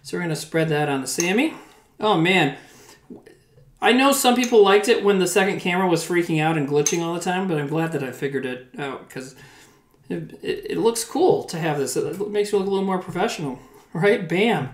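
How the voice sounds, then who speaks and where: A man's voice: high-pitched, animated, brisk. Rambling man cooking in an echoey kitchen. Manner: rambling, swears, chats with viewers while cooking. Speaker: streamer cooking on camera. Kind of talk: casual live-stream cooking chat. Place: home kitchen. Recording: roomy kitchen with faint background noise.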